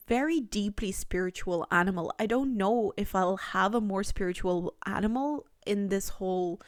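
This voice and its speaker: A woman's voice: medium pitch, no room sound, studio quality. A woman giving a pick-a-card tarot reading, chatty and searching, with many fillers and restarts as she feels her way through it. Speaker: tarot reader.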